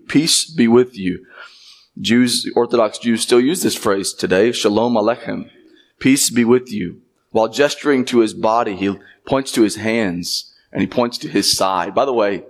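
A man preaching a sermon, his pitch sitting in the middle range. His delivery is conversational, with frequent asides and repeated phrases for emphasis. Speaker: pastor.

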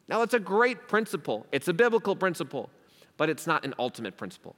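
A man's voice: high voice, very animated, fast talker, a bit bright, big-room sound. A young man preaching a sermon as pastor, emphatic and asking rhetorical questions. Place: church hall.

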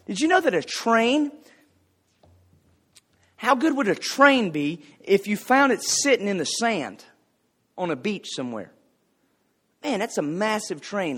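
A man's voice: high-pitched, fairly bright tone, husky. A man preaching a casual, folksy sermon, telling anecdotes and joking with the congregation. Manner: folksy, conversational, jokes with the congregation.

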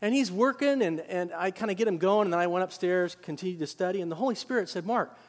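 A man preaching a sermon as a pastor, swinging between quiet, intimate moments and loud, emphatic peaks. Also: high-pitched, fast, in a large hall.

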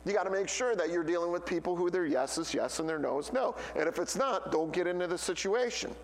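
A pastor delivers a sermon in a big, echoing room, his male voice sitting high and moving quickly. He tells stories and acts out the voices of the people he quotes.

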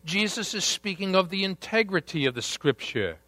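A man preaching a sermon, deliberate and emphatic, with dramatic pauses. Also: high voice, expressive, pushed and bright, no echo. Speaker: pastor.

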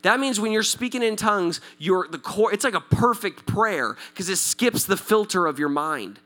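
A man's voice: high voice, moderate pace. A male pastor preaching in a casual, joking way, laughing often, restarting words, and talking straight to his audience. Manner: repeats and restarts words when excited. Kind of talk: conversational sermon.

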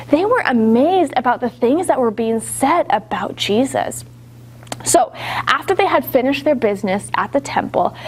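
A woman leading an interactive Bible story for young children, animated and upbeat, prompting them to act along. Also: high voice, husky. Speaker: children's church teacher.

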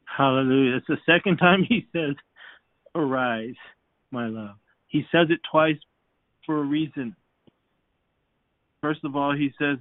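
A man's voice: medium pitch, a little slow, long pauses, no echo. A man leading a podcast Bible study, preaching fervently with frequent hallelujahs and restarts. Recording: dry, phone-like sound.

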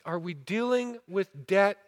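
A man's voice: sits high, expressive, unhurried. A man preaching a sermon, asking the listeners rhetorical questions and retelling a parable with rising fervor. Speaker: pastor.

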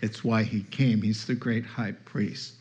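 A man's voice: on the low side, fairly even intonation, a little slow, a little mellow, husky, lo-fi sound. A male pastor preaching a sermon, emphatic, quoting scripture and chatting with the congregation.

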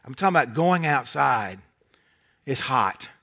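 His medium-pitched voice is creaky and unhurried: a middle-aged man from North Carolina with a Southern accent, preaching. Folksy humor and animated storytelling give way at moments to soft intensity.

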